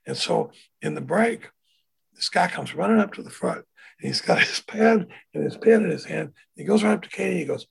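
A man with a gravelly, husky voice that sits fairly high for a man. He tells stories casually and acts out the people he quotes. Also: lively intonation, normal speed. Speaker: recovery speaker. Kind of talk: conversational storytelling.

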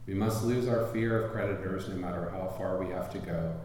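A man reading a passage aloud at a meeting in a steady, measured way. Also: low-pitched. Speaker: meeting reader. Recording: distant mic in an echoey hall, faint room noise.

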